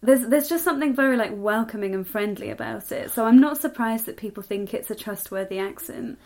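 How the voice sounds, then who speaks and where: A woman's voice: a little high, brisk, vocal fry, darkish tone. A woman from England co-hosting a podcast in casual chat, talkative and laughing often. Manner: chatty, laughs often, with frequent fillers. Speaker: podcast co-host.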